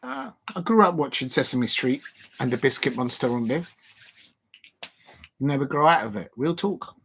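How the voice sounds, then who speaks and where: A young man talks through a football watch-along in a loose, animated way, laughing and circling back to his catchphrases. His voice is husky and sits at an ordinary pitch for a man. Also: normal speed. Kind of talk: casual livestream chat.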